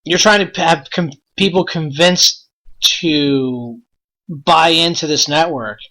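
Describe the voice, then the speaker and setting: A man's voice: on the high side, slow pace, sharp tone. A man hosting a wrestling podcast, ranting in an exasperated, blunt way with lots of rhetorical questions. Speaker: podcast host.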